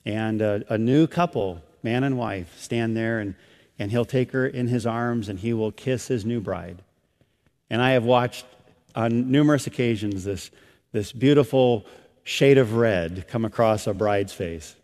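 A middle-aged male pastor preaching a sermon. He swings from loud, emphatic peaks down to soft, low passages. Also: a little slow, long pauses. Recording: long hall reverb.

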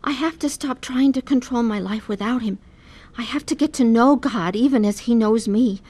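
An actress playing a weary middle-aged wife worn down by pain, speaking earnestly and with feeling in a radio drama. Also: female voice, on the high side, normal speed, a little mellow, natural voice. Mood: tearful. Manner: earnest, emotional.

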